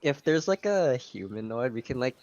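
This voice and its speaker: A man playing a tabletop game, chatting excitedly and laughing between lines. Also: mid-range voice, moderate pace, no echo, muffled recording. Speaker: player. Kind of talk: casual chat at a game table.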